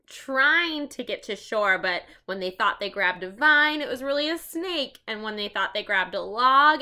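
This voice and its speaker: Woman storyteller, animated reader of a kids' chapter book, bright voice. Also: on the high side. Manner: expressive, chatty asides. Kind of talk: reading a storybook aloud.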